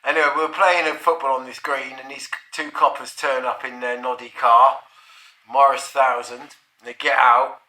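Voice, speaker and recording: Bright-toned man rambling through anecdotes. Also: medium pitch, little pitch movement, normal speed. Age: middle-aged. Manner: rambling, profane, chuckling. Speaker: storyteller. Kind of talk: casual anecdote. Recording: roomy echo.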